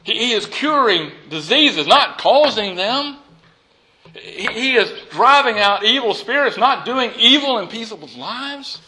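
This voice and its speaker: High, bright-voiced male preacher. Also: measured pace, few pauses, poor audio. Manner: expressive, swings between loud emphasis and near-whispered lines; repeats and restarts for emphasis. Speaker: pastor. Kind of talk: sermon.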